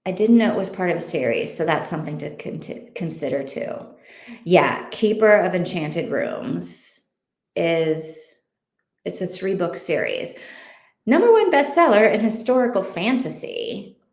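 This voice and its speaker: A woman's voice: fairly low pitch, very animated, unhurried, a little mellow. Rambling woman host, echoey room. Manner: rambling, thinking aloud with many fillers. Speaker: host of an online reading group. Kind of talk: casual livestream chat.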